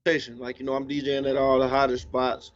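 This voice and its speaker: A man's voice: medium pitch, monotone, fast. A man talking as a guest DJ in a casual interview, laid-back and slangy, sometimes eating while he talks. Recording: slightly dull lo-fi sound.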